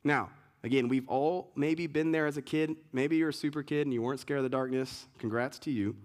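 A man preaching a sermon as pastor, telling a story in an animated way, with frequent restarts and fillers. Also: mid-range voice, fairly quick. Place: church sanctuary with congregation.

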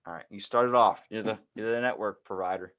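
A man's voice: on the low side, fast talker, fairly bright tone, highs cut off. A man chatting casually on a podcast, rambling with lots of fillers.

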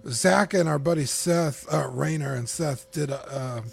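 Gravelly, husky-voiced male podcast guest. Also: on the high side, unhurried. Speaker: podcast guest and network co-creator. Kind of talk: casual podcast chat.

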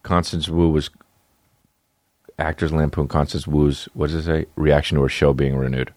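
Deep-voiced sarcastic man ranting. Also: level tone, normal speed, darkish tone, dry recording. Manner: profane, sarcastic, rambling. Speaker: podcast host. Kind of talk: casual comedic monologue.

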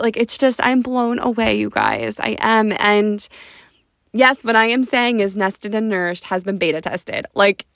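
A woman's voice: medium pitch, fairly bright tone, no echo. Emotional young woman podcast host, dry mic. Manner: emotional, gushing, casual swearing. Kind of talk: emotional casual monologue.

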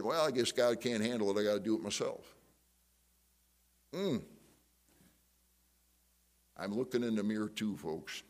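Male pastor preaching, lots of questions at the crowd, trips over his words, goes loud then hushed. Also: medium pitch. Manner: conversational preaching with rhetorical questions and many restarts. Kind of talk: sermon.

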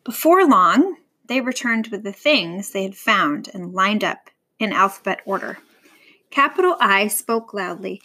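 A woman reading a picture book aloud to a young child, gentle and warm, stopping to ask the child questions. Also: medium pitch, animated, moderate pace, breathy edge, low-quality recording.

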